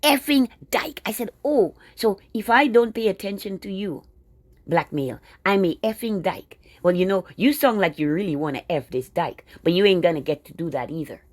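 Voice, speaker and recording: A woman's voice: on the low side, lively intonation, normal speed, a little mellow, no echo. A woman delivering a casual, indignant monologue straight to her viewers, full of sarcastic asides. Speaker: video blogger.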